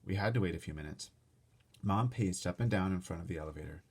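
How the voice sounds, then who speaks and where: A man reading a children's chapter book aloud in an animated way, adding his own asides. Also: sits low, fast, breathy edge. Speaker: storybook reader.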